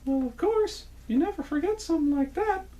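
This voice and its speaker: A squeaky, sarcastic boy dummy. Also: animated, a little fast, dark tone, lo-fi sound. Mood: sassy. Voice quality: squeaky high cartoonish voice. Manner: sarcastic quips. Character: wisecracking boy ventriloquist dummy, grumpy. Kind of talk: ventriloquist comedy act.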